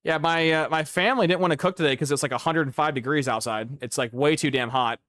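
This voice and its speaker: A man's voice: fairly high pitch, fast, a bit bright, no echo, clean studio sound. A young man livestreaming a football game, rambling and ranting with lots of profanity in casual chat. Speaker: gaming streamer.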